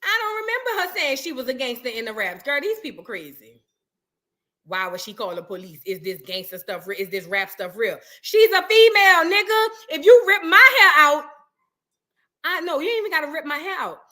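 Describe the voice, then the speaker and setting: A high, bright woman with a New York accent, hosting a reaction show. She chats loosely, reads articles aloud and breaks off into animated asides. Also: a little fast. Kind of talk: casual reaction chat.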